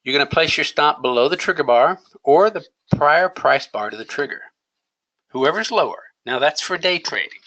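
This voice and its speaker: A man's voice: a little high, lively intonation, normal speed, fairly bright tone, lo-fi sound. A man teaching a day trading lesson, coaching emphatically and asking rhetorical questions. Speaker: trading educator. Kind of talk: screen-share trading lesson.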